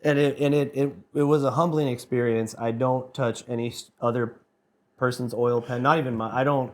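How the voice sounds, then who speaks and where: A man in his thirties, a band member on a podcast, rambling excitedly through a story and swearing freely. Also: medium pitch, moderate pace. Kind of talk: casual anecdote telling.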